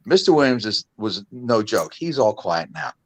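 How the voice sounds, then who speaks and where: A man's voice: on the low side, moderate pace. A man in his fifties, a guest on a video call, telling stories in a casual, laughing chat. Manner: animated, laughing storyteller.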